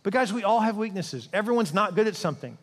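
In a high, animated voice, this fast-talking pastor delivers a conversational, self-deprecating sermon in a big church. He puts direct questions to his audience and impersonates the people in his stories, all echoing with long large-hall reverb.

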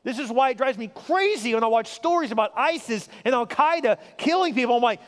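A male pastor with a very high voice preaches a sermon, telling stories from the pulpit in an animated, conversational way and often asking his listeners questions. He talks fairly quickly with hardly any pauses, and a long reverb rings out as in a large church hall.

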